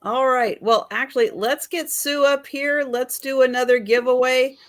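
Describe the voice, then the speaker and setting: A woman hosting a live online sale, counting down the bids and joking in a relaxed way. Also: sits high, moderate pace. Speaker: auctioneer host of live sale. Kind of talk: casual live auction hosting.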